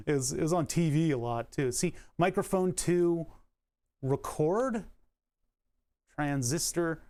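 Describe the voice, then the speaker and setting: A man's voice: fairly high pitch, smooth. A man streaming while he repairs a tablet, rambling casually with lots of fillers and asides. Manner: rambling, full of fillers and asides, laughs often. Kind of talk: casual livestream talk while repairing electronics.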